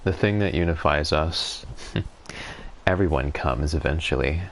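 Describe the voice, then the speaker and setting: A man's voice: very deep voice, a little slow, vocal fry. A man streaming a game, talking to himself in a casual, wry, musing way, congested from a cold. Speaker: gaming streamer. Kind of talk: casual solo gameplay commentary.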